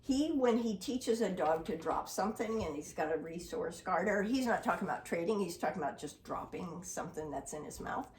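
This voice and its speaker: A woman's voice: fairly low pitch, animated, fairly quick, few pauses, a little mellow, a little hiss or hum. A woman dog trainer patiently explaining a training exercise and talking affectionately to her dog, heard from a distant mic. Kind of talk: training demonstration with commentary. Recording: roomy sound from a distant mic.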